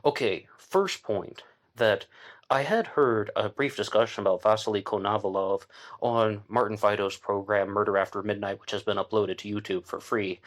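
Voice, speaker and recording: A man hosting a casual true-crime talk, thinking aloud with fillers and restarts as he goes. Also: on the low side. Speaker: podcast host.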